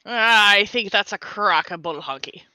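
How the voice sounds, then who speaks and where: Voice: medium pitch, a little slow, bright, forceful tone, clean tone, dry recording, poor audio. A podcast co-host and game master chatting casually, laughing often and talking in a playful pirate voice.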